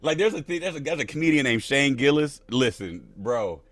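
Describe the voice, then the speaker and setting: A man's voice: medium pitch, expressive, fairly quick, fairly bright tone, dry recording. A man hosting a live crypto stream in a casual, playful, slangy way, laughing often.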